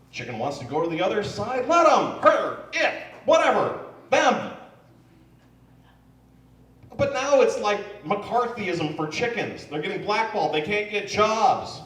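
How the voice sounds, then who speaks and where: A man doing stand-up comedy in a club, telling jokes in an animated storytelling manner. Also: high-pitched. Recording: echoey club room from far off.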